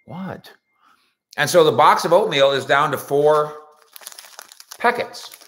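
A man's voice: fairly high pitch, takes it slowly, fairly bright tone. A man hosting a sports talk show, rambling through jokey stories and asides in a casual monologue. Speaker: sports radio and web show host. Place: indoors at home.

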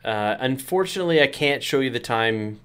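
A man's voice: medium pitch, expressive, fairly quick, fairly bright tone, clean tone. A man hosting a casual movie-riffing chat, asking wry questions and laughing often. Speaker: host.

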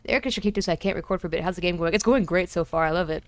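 A woman's voice: on the low side, racing, dry recording. A woman chatting casually and joking as she streams a game from home. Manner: chatty, joking to herself and chat. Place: home room.

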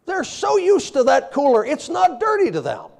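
A very high, creaky voice moves at a moderate pace through a sermon. The man is humorous and animated, telling everyday tales, laughing frequently, and quoting old-fashioned scripture.

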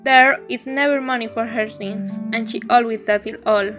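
A woman's voice: on the high side, fairly even intonation, normal speed, music in the background. A woman commenting on a story in scripted stage dialogue, speaking in an exclamatory, commanding way. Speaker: onstage commentator.

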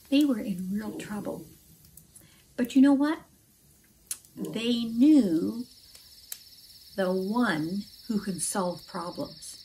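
A woman telling a children's Bible story aloud, asking her listeners questions and acting out the characters' shouts. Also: on the high side, a little hiss or hum, poor audio.

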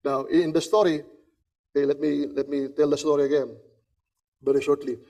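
A man's voice: on the high side, little pitch movement, a little fast, warm tone. A man preaching a sermon, telling a story and repeating key phrases for emphasis. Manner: storytelling, acts out the characters' voices.

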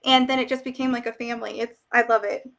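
A woman's voice: fairly high pitch, level tone, fast, creaky, fairly bright tone. A young woman hosting a casual live stream, reading viewer comments aloud and chatting emotionally with many fillers. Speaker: wig shop ambassador hosting a live stream.

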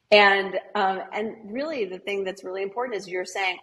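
A woman's voice: medium pitch, a bit bright, rough recording. A middle-aged woman and author, talking casually in an interview and acting out bits of classroom dialogue. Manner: conversational, many fillers and quick asides. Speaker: author and educator guest.

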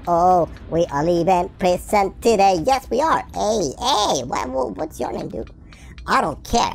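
A hyper, silly cartoon puppy girl, as a woman puts her on for game commentary. The voice sits very high and swoops wildly between squeals and low mumbles, with a gravelly edge. Faint background noise hums under it. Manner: excitable, silly, swings from squeals to low mutters. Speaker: gameplay commentator. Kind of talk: playful in-character game commentary.

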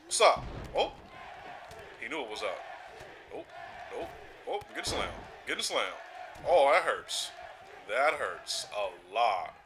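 A young man giving casual gameplay commentary, excitable and trash-talking, often laughing. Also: mid-range voice, slow, pauses often, noisy background. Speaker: gaming channel host.

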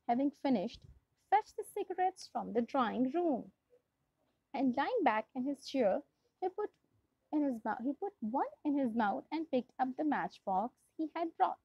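A woman's voice: high voice, slightly rough, no room sound. A young woman with a Pakistani English accent, reading a storybook aloud to a class as their English teacher, often going back to restart a phrase. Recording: dull lo-fi dry recording.

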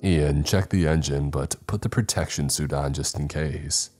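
A man's voice: extremely low pitch, normal speed, darkish tone, faint music behind. A man voicing a stern male spaceship captain who gives curt commands. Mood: commanding.

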